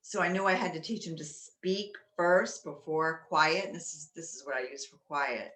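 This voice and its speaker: A woman talking casually and loudly about dog games, with many fillers, recorded in an echoey room at home. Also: low voice, moderate pace. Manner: loud, chatty, with many fillers. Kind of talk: casual how-to talk. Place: inside a home.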